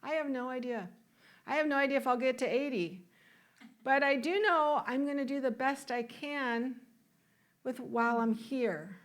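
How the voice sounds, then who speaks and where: A woman's voice: high-pitched, normal speed. A woman minister giving a conversational sermon in a church, asking the congregation questions and laughing now and then. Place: church sanctuary.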